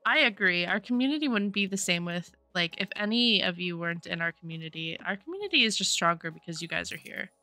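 A woman's voice: fairly low pitch, animated, fast, few pauses, pushed and bright, no room sound, soft background music. A woman streaming a life-sim game, chatting casually and gushing with thanks to her chat. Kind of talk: casual gameplay commentary. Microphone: desktop USB microphone.

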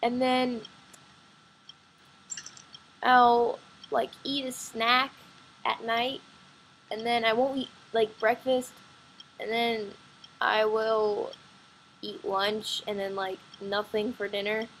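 A woman chatting excitedly and rambling with lots of fillers while playing a computer game at home, recorded on her computer microphone. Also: fairly high pitch, slow, pauses often, slight background noise, poor audio. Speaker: gaming vlogger.

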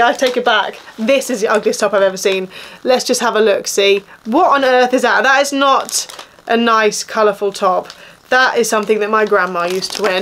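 A woman's voice: mid-range voice, fairly bright tone, a little hiss or hum. A woman in her thirties with an Essex accent, chatting casually and complaining through a clothing haul. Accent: Essex English. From England. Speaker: vlogger.

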